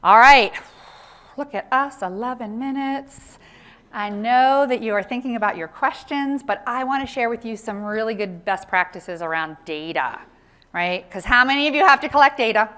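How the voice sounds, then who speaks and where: A woman giving an interactive conference talk on workplace inclusion, animated and often checking in with the audience with a quick "right?". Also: fairly high pitch, smooth. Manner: animated, tags lines with "right?" to engage the audience. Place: conference session room.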